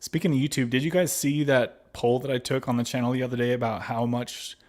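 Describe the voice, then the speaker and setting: A man's voice: mid-range voice, steady tone, a little fast, darkish tone. Laid-back man reading livestream chat. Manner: laughs often, reads chat aloud and replies; friendly, calls viewers babies and buddy. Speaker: livestream host.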